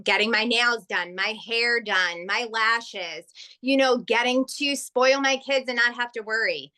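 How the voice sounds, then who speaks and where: A woman on a team video call, speaking haltingly with many restarts. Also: mid-range voice, pushed and bright. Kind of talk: casual testimonial.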